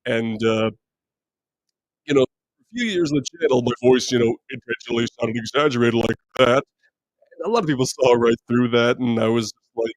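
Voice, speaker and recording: Deep-voiced man hosting a live stream. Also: no room sound, low-quality recording. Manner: relaxed, rambling, many fillers and restarts. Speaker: host of a live movie chat stream. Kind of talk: casual live-stream chat, reading viewer comments. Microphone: streaming mic.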